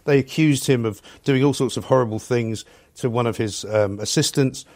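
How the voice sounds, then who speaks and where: A man hosting a studio talk show, scornful and animated as he tells his stories. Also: mid-range voice, normal speed, no room sound. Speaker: talk radio host. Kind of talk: opinionated chat.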